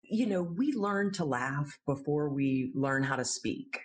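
A woman's voice: deep voice, expressive, measured pace. A woman who teaches laughter yoga, a guest in an interview. She explains things patiently and earnestly and laughs easily.

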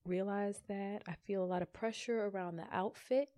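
A woman co-hosting a casual podcast chat, tipsy, loud and playful, getting animated as she talks. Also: medium pitch, normal speed. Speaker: podcast co-host.

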